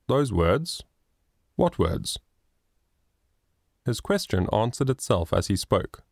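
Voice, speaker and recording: A man narrating a moral children's story in a measured, expressive reading. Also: on the low side, dry recording, clean studio sound. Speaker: audiobook narrator.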